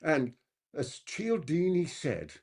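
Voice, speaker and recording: A man giving a live masterclass on persuasion as a trainer. He talks quickly and keeps asking the audience rhetorical questions. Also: breathy edge. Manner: animated, with big pitch swings.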